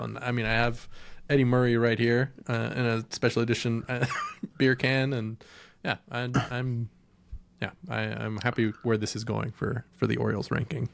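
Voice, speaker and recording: A man's voice: medium pitch, creaky. A man co-hosting a casual sports podcast, easygoing and agreeable, chuckling often. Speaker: podcast co-host.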